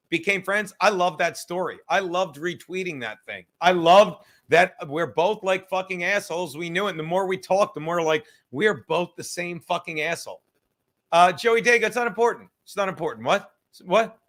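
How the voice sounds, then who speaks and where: High-voiced, bright-toned crude male host. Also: moderate pace. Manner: profane, rambling, self-mocking. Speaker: podcast host reading live chat. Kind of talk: casual crude livestream chat.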